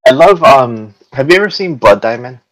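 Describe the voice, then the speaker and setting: A man's voice: mid-range voice, animated, normal speed, dry recording, low-quality recording. A man from the United States hosting a casual podcast chat, rambling along with lots of fillers and restarts. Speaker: podcast host.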